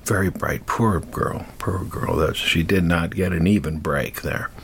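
A man's voice: deep voice, a little slow, gravelly, husky. An older man telling a myth in a casual, rambling way, often wandering into asides. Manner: rambling, digressive, animated. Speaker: storyteller. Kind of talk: casual storytelling.

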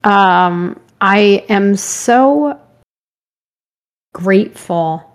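A woman hosting a live-streamed spiritual talk, her voice slightly hoarse, rambling gently and greeting viewers by name. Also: mid-range voice, lively intonation, extremely slow. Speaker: spiritual show host.

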